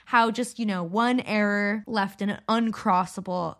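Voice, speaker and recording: A woman's voice: mid-range voice, fairly even intonation, unhurried, a bit bright. A woman co-hosting a podcast, chatting casually as she recaps a sci-fi novel and laughs along. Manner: chatty, laughing, full of fillers. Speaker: podcast co-host. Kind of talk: casual chat, retelling a book.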